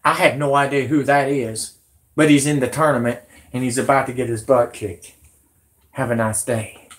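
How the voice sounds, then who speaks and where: A man's voice: medium pitch, steady tone, normal speed. A man hosting a vlog, ranting in a rambling, indignant way and swearing. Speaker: vlog host.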